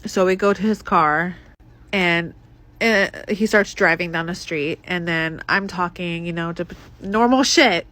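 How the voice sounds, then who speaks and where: A woman's voice: lowish voice, a little slow, fairly bright tone. A young woman telling a storytime monologue in a casual, candid way, swearing and laughing as she goes.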